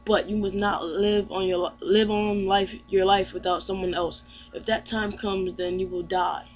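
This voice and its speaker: A man's voice: high voice, flat delivery, normal speed, lo-fi sound, slight background noise. A man voicing a creepy, obsessive male fish-man captain in a pompous, declaring way.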